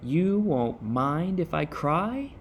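A man's voice: a little high, takes it slowly, slight background noise, voice pushed up, exaggerated voice. A man voicing a curious, eager young boy rabbit in a storybook. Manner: questioning, lively.

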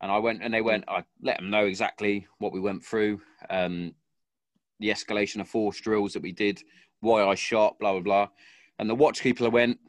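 A man with a fairly low voice retells an army story in casual chat. He swears freely and acts out what people said. The sound is dry and close. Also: normal speed, no echo. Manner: swears a lot, animated retelling with acted-out quotes. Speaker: guest, army veteran.

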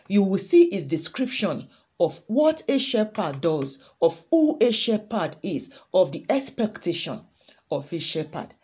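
A woman from Africa preaching a sermon, reading scripture and urging her listeners with slow, emphatic phrases that build in volume. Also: fairly low pitch, a little mellow, breathy edge, lo-fi sound.

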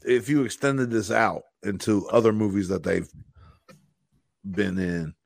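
A man's voice: lowish voice, unhurried, gravelly, dry recording, clean studio sound. A man in casual podcast chat, musing loosely.

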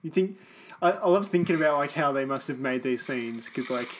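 A man's voice: medium pitch, a little fast, slight background noise. A young man chatting casually and rambling with lots of fillers while watching a film. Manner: laughing, rambling, many fillers.

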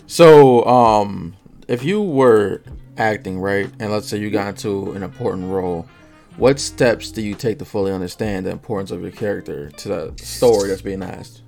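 A man hosting a podcast, asking interview questions in a halting way with fillers. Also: on the low side, vocal fry, darkish tone, faint music behind. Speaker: podcast host.

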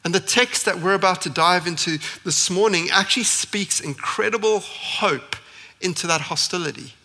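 A man's voice: high voice, moderate pace, sharp tone, big-room sound. A man preaching a sermon in church as pastor, earnest and building emphasis with repeated phrases. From South Africa.

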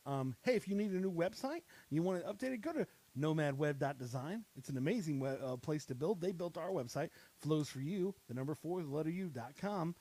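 A man's voice: a little high, lively intonation, fairly quick, few pauses, dark tone. A man hosting a podcast, freestyle rapping in a loose, rambling way and joking around with his guests. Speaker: podcast host. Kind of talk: freestyle rap then casual chat.

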